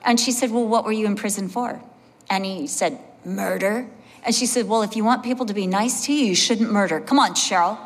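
A woman pastor preaching a sermon, telling animated personal stories and acting out the voices of the people in them. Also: medium pitch, fairly quick, slight background noise. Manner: animated storyteller, acts out voices, laughs along. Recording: long hall reverb.

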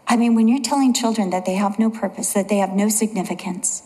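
A woman delivers a sermon, moving between earnest storytelling and slow, lowered emphasis on key words. Her mid-pitched voice carries a long reverb, as if spoken in a large church hall. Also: mellow. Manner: earnest storytelling, slows and drops low for emphasis. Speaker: preacher.

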